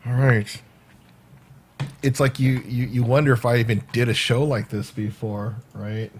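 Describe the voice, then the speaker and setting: A man hosting his own livestream, chatting casually and rambling in a self-mocking, animated way. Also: medium pitch, measured pace, breathy edge. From United States. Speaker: livestream host. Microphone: home livestream mic.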